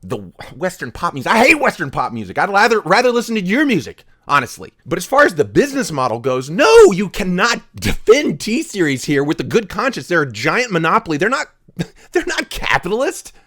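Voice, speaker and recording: Man in his thirties, indignant vlogger rant, high animated voice, loud bursts and muttered asides. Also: a little fast. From United States. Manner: indignant, ranting, swings from loud outbursts to quiet asides. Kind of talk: heated rant to camera.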